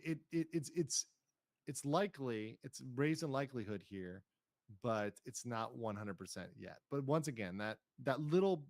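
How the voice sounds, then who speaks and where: A man's voice: medium pitch, dry recording, studio quality. A man hosting a stream, commenting on clips and reading chat aloud in a careful, hedging way. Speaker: streamer host. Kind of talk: casual commentary reacting to clips.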